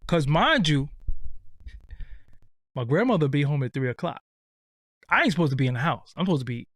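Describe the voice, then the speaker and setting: Brief: New man, fairly high voice, animated and slangy, dry close sound. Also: a little fast, pauses often, no room sound. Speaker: storyteller. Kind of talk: casual anecdote.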